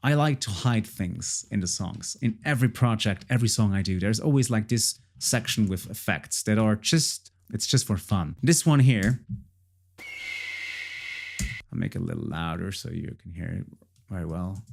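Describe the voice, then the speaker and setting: A man's voice: lowish voice, expressive, moderate pace, gravelly, background noise. Chatty man demoing his music project. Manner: chatty, repeats phrases, many fillers. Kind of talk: casual tutorial walkthrough.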